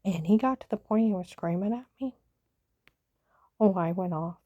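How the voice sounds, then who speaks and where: Heated, rambling woman with a mellow voice. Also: mid-range voice, normal speed, muffled recording. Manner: heated, repetitive retelling with frequent "I said"; blunt, swears. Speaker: vlogger. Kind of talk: rambling personal storytelling.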